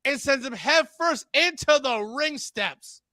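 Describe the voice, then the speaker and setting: High-pitched, bright-voiced man calling wrestling. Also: a little slow, no room sound. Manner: rambling, animated, stumbles over words. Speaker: wrestling commentator. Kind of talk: excited play-by-play commentary.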